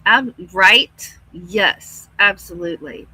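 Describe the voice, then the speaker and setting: A woman's voice: medium pitch, slow, sharp tone, husky, poor audio. A middle-aged woman chatting casually on her livestream, laughing often and reading out viewer comments. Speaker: livestream host. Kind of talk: casual live-stream chat.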